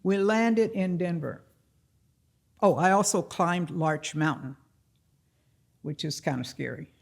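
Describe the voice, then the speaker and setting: Slow, gravelly older storyteller man. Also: on the high side. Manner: unhurried, plain-spoken, acts out the dialogue. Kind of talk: personal storytelling at a live event. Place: public library event room.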